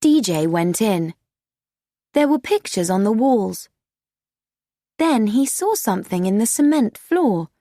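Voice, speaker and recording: A woman narrating an audiobook story in a slow, clear storybook reading. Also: medium pitch, sing-song, warm tone, no echo, clean studio sound.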